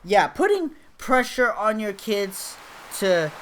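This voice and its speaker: A man's voice: high-pitched, very animated, slow, a bit bright, a little hiss or hum. A man in his thirties chatting casually while playing a farming game, rambling and joking with many fillers. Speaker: gaming video host.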